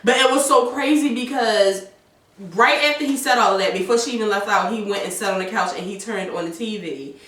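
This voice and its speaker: A woman's voice: mid-range voice, a little fast, distant mic. A woman recaps a TV episode in loose, profane chat and acts out the characters' lines as she goes. Her voice sits a little back from the mic. A roomy echo hangs around her. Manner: animated, swears freely, acts out lines from the episode. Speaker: podcast co-host recapping a TV episode.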